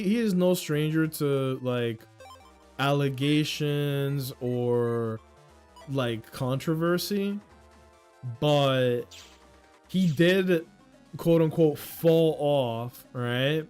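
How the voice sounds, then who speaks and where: Young male streamer from New York, unhurried slangy rant, a bit high-voiced, faint music behind. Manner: animated, slangy, ranting. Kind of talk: casual livestream commentary.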